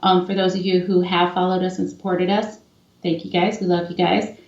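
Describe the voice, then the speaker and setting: A woman's voice: lowish voice, level tone. A woman co-hosting a podcast, chatting casually in a teasing, upbeat way. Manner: teasing and upbeat, quick to joke. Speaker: podcast co-host, medium. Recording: echoey room, muffled mic.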